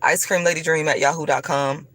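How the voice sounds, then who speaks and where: A woman's voice: deep voice, fairly even intonation, fairly quick, fairly bright tone, no room sound. A woman vlogger delivering a profane, combative, preachy rant straight to her viewers. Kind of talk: ranting monologue to camera.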